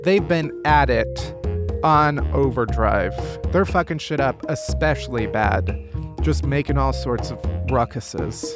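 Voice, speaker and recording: A man's voice: medium pitch, expressive, slow pace, over music. A man hosting a casual comedy news roundup, sarcastic and profane, laughing often. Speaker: comedy podcast host.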